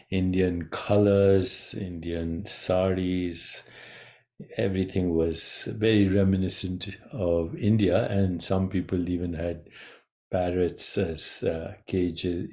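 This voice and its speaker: A man giving a measured, reflective talk on consciousness as a spiritual teacher, pausing between phrases. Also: low-pitched, darkish tone.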